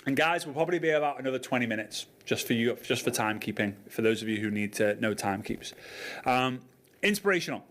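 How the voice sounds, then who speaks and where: A male coach leads an online training session in a relaxed, chatty way. He repeats key points and often checks in with his listeners before moving on. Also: medium pitch, fast. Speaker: network marketing coach.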